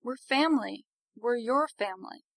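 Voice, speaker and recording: A woman's voice: a little high, lively intonation, normal speed, vocal fry, dry recording. A woman voicing a hot-tempered young superheroine. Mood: tender. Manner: swearing, defensive, pleading.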